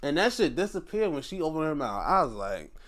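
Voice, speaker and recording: Male host, profane, animated recapper; pitch jumps all over. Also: brisk. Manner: animated, profane, acts out scenes in voices. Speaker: show host. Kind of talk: casual wrestling recap.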